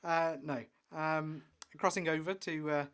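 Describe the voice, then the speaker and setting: A man co-hosting a podcast, chatting enthusiastically about sport and trailing off quietly at the ends of lines. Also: on the high side, steady tone, slow, smooth. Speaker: podcast co-host. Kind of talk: casual sports chat.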